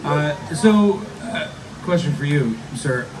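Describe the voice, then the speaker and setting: A man moderating a live fan panel, asking measured, thoughtful questions. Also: fairly high pitch, lively intonation. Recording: distant mic with background noise.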